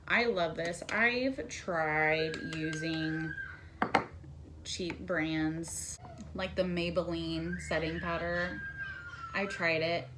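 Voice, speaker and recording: A woman's voice: on the low side, fairly even intonation, takes it slowly, background noise. A young woman at home chatting candidly through a casual makeup tutorial. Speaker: beauty vlogger.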